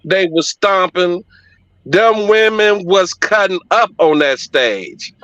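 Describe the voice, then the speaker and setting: A man's voice: high voice, lively intonation, slow, a bit bright, no room sound, poor audio. A middle-aged man telling a heartfelt personal story on a podcast, emphatic and profane.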